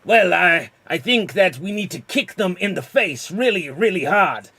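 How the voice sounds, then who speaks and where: A gung-ho male army general blusters at full volume, as a man acts him out. His voice is raised and bright. He sounds ready to charge. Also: high voice, animated, unhurried, husky, dry recording, voice pushed up, full character voice. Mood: blustering.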